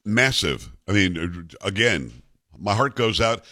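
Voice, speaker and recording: A man's voice: fairly low pitch, animated, pushed and bright, no room sound. A man hosting a talk radio show, who grew up in South Florida, giving emphatic, opinionated commentary. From South Florida, USA. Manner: emphatic, ranting, rapid-fire delivery.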